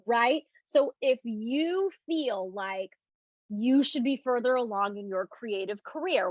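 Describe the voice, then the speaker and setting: A woman hosting a casual live talk on self-love, speaking gently and reflectively and reading out viewer comments. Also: sits high, dry recording, dull audio. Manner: gentle, reflective, often mimics questioning tones.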